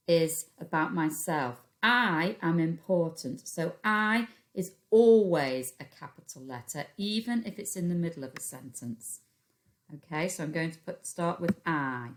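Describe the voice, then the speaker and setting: A low-pitched woman with a British accent teaches a recorded phonics lesson to young children. She speaks at an unhurried pace, patiently breaking words into sounds. She records at her computer. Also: animated. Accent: British English. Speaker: primary school teacher. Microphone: computer microphone.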